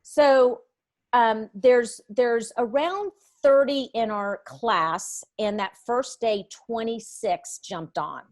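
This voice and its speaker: A middle-aged woman, a Bible study teacher, telling a story as a guest in a podcast conversation, lively and acting out the voices of others. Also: fairly high pitch, slow, no room sound. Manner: animated, acts out others' voices in her stories.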